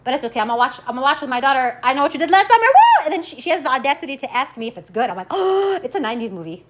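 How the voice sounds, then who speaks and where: A woman, chatting through a casual vlog while still congested from an illness, animated and full of exclamations and asides. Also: high voice, rapid-fire, slight background noise. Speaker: vlogger.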